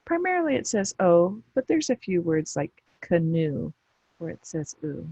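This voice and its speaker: A woman teaching phonics, saying each letter sound slowly and clearly, then explaining briefly when it is used. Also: on the low side, big pitch swings, warm tone, dry recording, poor audio. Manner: pronounces isolated sounds deliberately, explains briefly. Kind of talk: slow instructional phonics drill.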